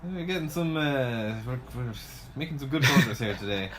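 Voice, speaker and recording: A man co-hosting a podcast, blunt and deadpan in casual chat. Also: mid-range voice, normal speed, a little hiss or hum, rough recording. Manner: dry, blunt, deadpan put-downs. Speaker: podcast co-host. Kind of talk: casual chat about fantasy sports.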